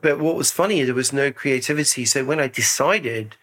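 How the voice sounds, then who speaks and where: Middle-aged man, interview guest, chatty storyteller, laughs easily, mid pitch. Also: moderate pace, a bit bright. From Scotland. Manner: chatty, self-deprecating, laughs often. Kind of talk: casual conversational storytelling.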